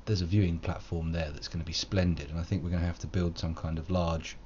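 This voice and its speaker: A very low-voiced man chats his way through a live game stream, rambling and self-deprecating. He dresses up his musings in wordy, old-fashioned phrasing. The home recording is slightly muffled, with faint noise underneath. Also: steady tone, fast, mellow. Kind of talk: live gameplay commentary.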